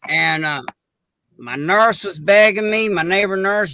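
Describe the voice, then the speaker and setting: A man's voice: high voice, expressive, unhurried, sharp tone, dry recording. A man, chatting on a podcast in a folksy, earnest storytelling way. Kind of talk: casual chat.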